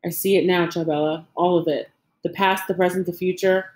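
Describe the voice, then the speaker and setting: A woman's voice: on the low side, steady tone, fairly quick, a little mellow, reverberant, lightly acted. A woman reading an audiobook voices an old Cuban grandfather who is haunted by guilt, speaking earnestly and with grief. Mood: calm, resolved. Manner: earnest, pleading, grief-stricken.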